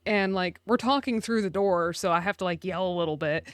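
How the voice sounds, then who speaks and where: A woman's voice: mid-range voice, quick pace, few pauses, no echo. A young woman from central Pennsylvania co-hosting a podcast, telling stories in casual chat and swearing now and then. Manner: chatty storyteller, swears casually. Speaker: podcast co-host.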